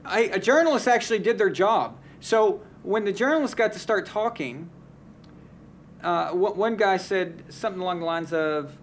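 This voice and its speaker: A man's voice: high-pitched, brisk, slight background noise. A man hosting a casual live sports talk stream, giving blunt, heated opinions and often restarting his sentences. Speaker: sports talk show host.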